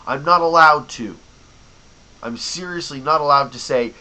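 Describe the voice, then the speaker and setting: A man's voice: a little high, moderate pace, bright, forceful tone, rough recording. A young man ranting to camera in a heated, sarcastic way, swearing freely and mocking people, worked up after drinking. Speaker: vlogger and bookstore clerk. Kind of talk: angry profane rant to camera.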